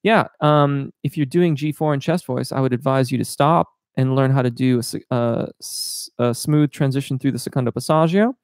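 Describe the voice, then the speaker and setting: Male voice coach for live Q&A: gravelly, dry close sound, explanatory, technical, lots of ums. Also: medium pitch, moderate pace, few pauses, dry recording. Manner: explanatory, technical, many filler words. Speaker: voice teacher. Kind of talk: live-stream Q&A, reading chat questions aloud.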